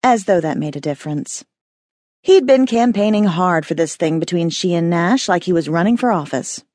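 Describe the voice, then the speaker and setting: Woman narrating a story, lively pitch, dry studio sound. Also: moderate pace, dry recording. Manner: expressive storytelling. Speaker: audiobook narrator. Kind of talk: scripted narration.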